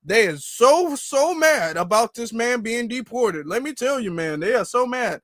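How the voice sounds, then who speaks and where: Brief: male reaction commentator, high voice, dry close mic, exasperated and mocking. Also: animated, measured pace, fairly bright tone, no room sound. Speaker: commentary channel host.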